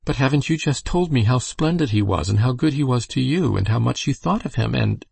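A man voicing a gentle, tender-hearted young girl who speaks softly and impulsively. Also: deep voice, creaky, breathy edge, no echo, heavily acted. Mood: impetuous. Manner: soft and gentle, then rushing.

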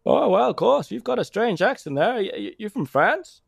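This is an exaggerated performance: a man pitches his voice above his natural one to play a gossipy rural local who rambles, stammers and keeps restarting while giving directions. The high voice swings widely in pitch, moves at normal speed, and is creaky with a breathy edge. It's a dry studio-quality recording.

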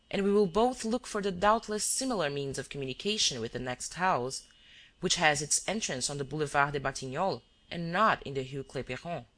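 A reader voicing a male detective who is cool and relentless, laying out accusations calmly and evenly. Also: mid-range voice. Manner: calm, measured accusations.

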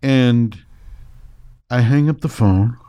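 A middle-aged man telling a personal story as a guest, emotional and animated, swearing and tripping over his words. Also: slow pace. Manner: animated and emotional, swings high when excited. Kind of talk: casual storytelling.

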